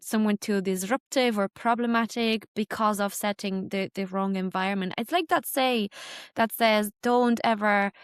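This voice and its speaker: Woman host, Spanish accent, curious chatty questions, smooth clear voice, dry close mic. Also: medium pitch, normal speed, no echo. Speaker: podcast host. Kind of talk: podcast interview.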